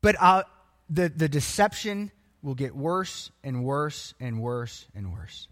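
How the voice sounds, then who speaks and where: A man preaching a sermon, emphatic and animated, quoting scripture. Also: a little high, takes it slowly, long reverb tail. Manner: animated and emphatic, acts out voices of people.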